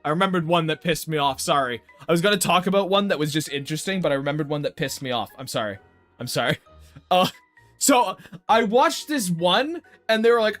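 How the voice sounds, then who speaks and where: Over soft background music, a young male artist talks fast in a fairly high, animated, fairly bright voice while drawing on a livestream. His casual chat to viewers is a rant packed with swearing.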